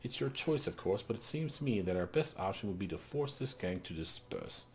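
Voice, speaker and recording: A man voicing a distrustful male merchant companion in a fantasy game, gruff and complaining. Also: lowish voice, sing-song, brisk, a little hiss or hum. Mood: grumbling.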